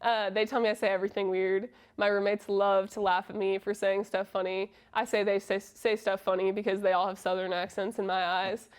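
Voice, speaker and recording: A college soccer player in her twenties, originally from Massachusetts, talks through interview questions in a casual, friendly way. Her pitch stays fairly level and flat, and she leans on "um" between thoughts. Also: a little fast, hardly any pauses, smooth. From Massachusetts, USA. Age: 20s. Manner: friendly, lots of um fillers.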